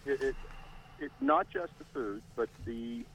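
A middle-aged man calls in to a radio talk show. He talks in a hesitant, halting way, restarting sentences and filling pauses with "uh". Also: mid-range voice, wildly swooping pitch, gravelly, fairly bright tone, poor audio. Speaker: caller. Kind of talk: call-in radio chat.

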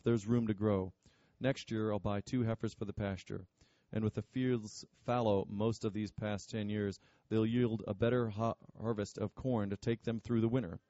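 A man reading as an earnest young farmer, polite and determined. His low voice sounds warm and mellow. The recording is dry with no room sound. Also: no echo, highs cut off, close to an everyday voice.

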